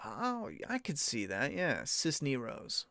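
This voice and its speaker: A man's voice: mid-range voice, wildly swooping pitch, slow, gravelly, pushed and bright, dry recording, clean studio sound. A man hosting a casual stream, talking bluntly and profanely in a rambling way. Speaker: podcast host. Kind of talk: casual live-stream chat.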